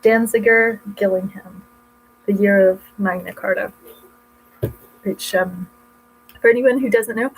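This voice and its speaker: A woman with a mid-range voice and fairly even intonation talks unhurriedly in a rough recording with a little hiss or hum. She vlogs at home, chatty and rambling, often cutting herself off mid-thought while showing her books.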